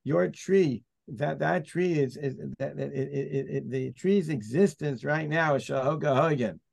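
Gravelly, somewhat high-voiced man as Talmud teacher, emphatic, hammers his point home. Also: normal speed, darkish tone. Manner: emphatic, argues by restating points. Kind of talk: Talmud study discussion.

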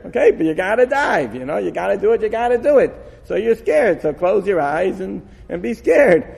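A man giving an animated Torah lecture, acting out dialogue with frequent laughs. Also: high voice, normal speed, gravelly, few pauses, breathy edge. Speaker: Torah teacher. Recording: long hall reverb.

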